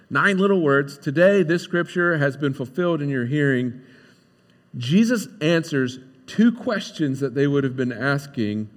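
Animated preaching man in a reverberant hall. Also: medium pitch. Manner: animated, acts out crowd voices. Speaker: pastor. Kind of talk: sermon. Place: church sanctuary.

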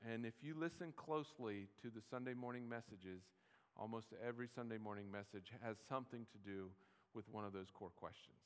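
Pastor guy preaching, chatty and relaxed, mid voice, big hall echo. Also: medium pitch. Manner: conversational, easygoing, with restarts and asides. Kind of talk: sermon. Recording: long hall reverb.

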